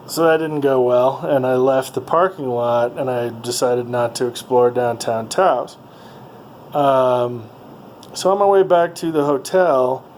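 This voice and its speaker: A man's voice: mid-range voice, darkish tone, slight background noise, rough recording. A man casually telling stories from a road trip, rambling with many ums and uhs. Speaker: vlogger. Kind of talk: casual travel storytelling.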